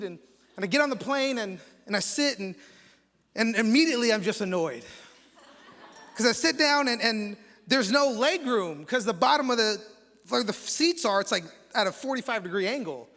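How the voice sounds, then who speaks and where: A man's voice: high-pitched, animated, moderate pace, sharp tone, in a large hall. A man with an American accent, a campus pastor leading a prayer and then telling a joking story in a sermon, with many restarts. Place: large church hall.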